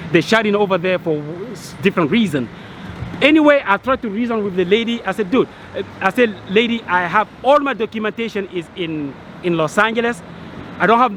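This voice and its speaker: A man with a high voice vents his frustration to the camera on a city street. He is agitated and exasperated, tripping over restarts and repeating himself. Faint traffic hums behind him. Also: a bit bright. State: agitated, annoyed. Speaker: vlogger. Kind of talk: angry rant to camera.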